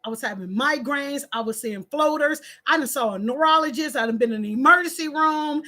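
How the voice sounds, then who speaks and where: A woman's voice: sits high, fairly quick, bright, forceful tone. A woman speaking straight to her followers in an emotional, rambling monologue, preachy and scolding like a stern auntie. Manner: impassioned and preachy, rambling with restarts. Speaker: social media creator. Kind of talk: emotional direct-to-camera monologue.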